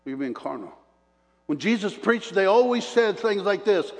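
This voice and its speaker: A man's voice: high-pitched, normal speed. Older male preacher in a reverberant hall. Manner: animated storytelling preacher, swings between loud bursts and hushed asides. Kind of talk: sermon.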